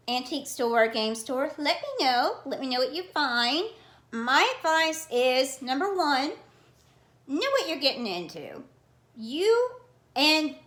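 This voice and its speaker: A woman's voice: high voice, fairly bright tone, roomy sound. Chatty woman in a put-on Southern drawl. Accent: put-on cheesy Southern US. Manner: chatty, rambling, calls herself Auntie. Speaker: card collecting channel host. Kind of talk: casual vlog chat.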